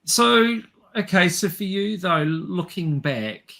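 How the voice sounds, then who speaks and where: Male New Zealander, interview host, relaxed, chatty and probing. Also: sits high, slow pace, gravelly. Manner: friendly, laughs along, asks probing questions. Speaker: podcast host. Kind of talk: interview conversation.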